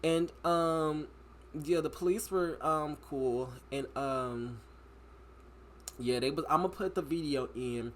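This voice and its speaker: A man's voice: fairly high pitch, slow pace, fairly bright tone, slight background noise. A young man vlogging, telling a dramatic story in a casual, slangy way.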